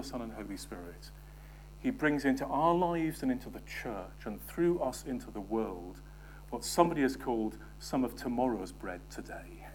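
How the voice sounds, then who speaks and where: A man preaching a sermon, moving from emphatic scripture reading to soft, almost whispered asides and questions to the congregation. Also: mid-range voice, slight background noise.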